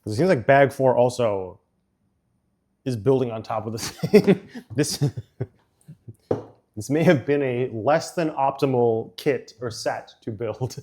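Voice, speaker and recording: A man chatting casually on a livestream as he builds a model set. He rambles with plenty of fillers and breaks into quick laughs. His voice sits at a middle pitch. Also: darkish tone. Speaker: streamer.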